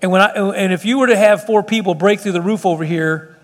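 A man's voice: high voice, fairly quick, big-room sound. A middle-aged man preaching a sermon in an earnest, conversational way, often restarting his sentences. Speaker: pastor. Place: church meeting room.

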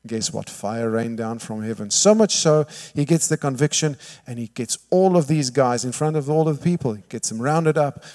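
A man's voice: mid-range voice, normal speed. Preaching man in a reverberant hall. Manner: lively storytelling, acts out quotes, frequent "all right?" asides. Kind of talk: sermon.

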